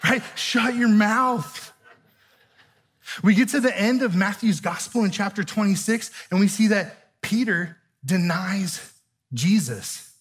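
A man's voice: sits high, animated, unhurried, breathy edge. A male pastor, preaching a conversational sermon and often checking in with "right?". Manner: conversational, keeps asking "right?".

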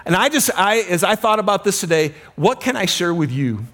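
A man preaching a sermon as a pastor, telling stories with dramatic slowdowns and hushed emphasis. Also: high-pitched, sing-song.

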